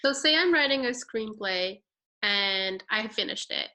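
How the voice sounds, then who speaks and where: A woman's voice: medium pitch, expressive, measured pace, pushed and bright. A woman interviewer asking a writer questions in a chatty, informal way.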